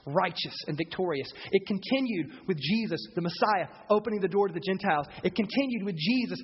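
A man's voice: high voice, animated, fairly quick, slight background noise. A male pastor preaching a live sermon to his congregation, asking them rhetorical questions. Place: church service. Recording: dull sound in a reverberant hall.

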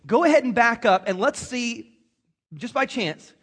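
A man preaching a sermon to a congregation, animated and acting out quoted voices. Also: extremely high pitch, unhurried, husky. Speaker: pastor.

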